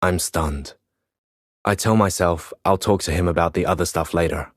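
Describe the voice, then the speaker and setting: A man's voice: deep voice, moderate pace, no echo, studio quality. A man reading a first-person audiobook in a weary, reflective manner. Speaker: audiobook narrator.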